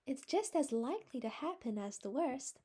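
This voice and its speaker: A woman's voice: flat delivery, fast, breathy edge. A woman voicing an earnest, hopeful sixteen-year-old girl from a storybook, pleading in a raised voice. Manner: pleading, high and bright.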